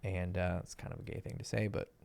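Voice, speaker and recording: Blunt, profane man with a gravelly voice. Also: low-pitched, little pitch movement, fast talker, darkish tone. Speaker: dating coach. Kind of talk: crude casual advice monologue.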